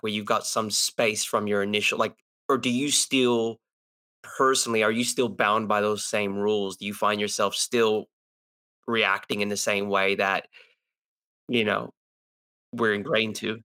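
A man's voice: on the low side, sharp tone. Man asking loose, rambling questions. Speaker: podcast host. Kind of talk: casual interview questions.

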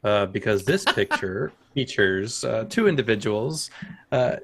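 A man's voice: on the low side, sing-song, measured pace, gravelly, fairly bright tone, husky. A man co-hosting a casual aviation chat show, describing things at length with playful asides. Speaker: podcast co-host.

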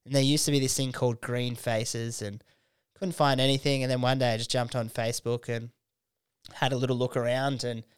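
Young man, smooth clear voice. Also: medium pitch, brisk, no echo, studio quality. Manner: animated storyteller, slips into quoted voices, laughs often. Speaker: guest comedian. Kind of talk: casual podcast chat.

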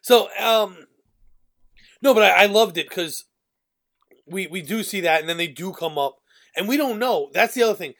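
A man's voice: sits high, normal speed, creaky, pauses often, fairly bright tone. A man from New York co-hosting a casual podcast chat, laughing easily and agreeing often. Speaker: podcast co-host.

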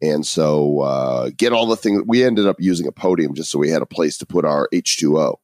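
A man co-hosting a podcast in casual chat, telling stories in a wry, lively way. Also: very deep voice, a little fast, no room sound, studio quality. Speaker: podcast co-host.

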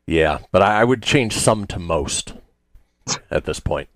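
Wry, lively-voiced male radio host. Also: deep voice, unhurried, no room sound. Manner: wry, joking, teasing co-host. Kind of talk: casual radio banter. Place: radio studio.

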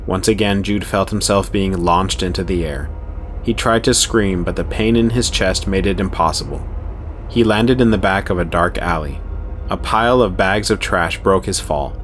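A man narrating a dark horror story in a steady, even storytelling voice. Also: low-pitched, moderate pace, slight background noise. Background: faint music.

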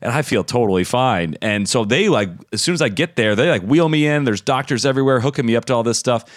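A man hosting a podcast, chatting and asking questions in a relaxed, conversational way. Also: medium pitch, fast, dry recording, clean studio sound. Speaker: podcast host. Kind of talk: casual interview chat.

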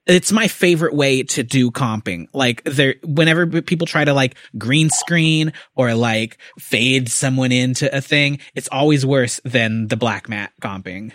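A man explaining film effects in a halting, enthusiastic way. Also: medium pitch, a bit bright, no room sound.

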